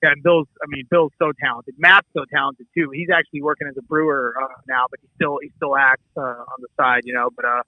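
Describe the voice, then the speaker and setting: A middle-aged man from the Midwest, telling a story as an interview guest in an animated, casual way, acting out dialogue and swearing freely. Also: medium pitch, quick pace, few pauses, dry recording. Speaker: actor and producer guest. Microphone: remote call. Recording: dull lo-fi call audio.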